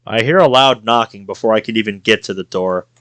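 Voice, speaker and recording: A man's voice: lowish voice, fairly quick, a bit bright, dry recording, studio quality. A man streaming a visual novel, reading it aloud and reacting with jokes. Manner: playful, reacts with jokes and laughter.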